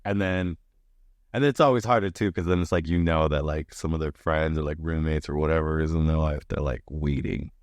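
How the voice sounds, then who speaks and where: A man co-hosting a podcast in casual chat, laughing often and acting out quoted lines in higher voices. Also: fairly even intonation, fairly quick, dry recording. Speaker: podcast co-host.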